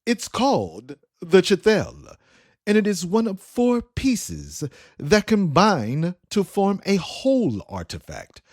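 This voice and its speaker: A man voicing a suave, condescending blue alien gentleman thief who speaks theatrically. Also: fairly high pitch, huge pitch swings, drawn-out words, dry recording, clean studio sound, pitched above the performer's own voice, full character voice. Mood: haughty. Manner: theatrical, condescending, says "my dear".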